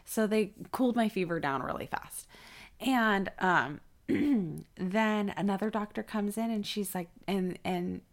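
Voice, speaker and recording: A woman's voice: medium pitch, measured pace. A young woman co-hosting a podcast, telling stories in casual chat and animatedly acting out the people in them. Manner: animated storyteller, acts out quoted people. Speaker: podcast co-host.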